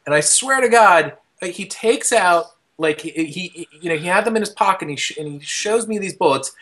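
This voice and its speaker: A young man hosting a podcast, telling a long story in casual, rambling chat, full of fillers, restarts and casual swearing, shouting out the quoted lines. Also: high-pitched, brisk. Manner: animated, loose storyteller with many fillers and restarts. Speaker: podcast host.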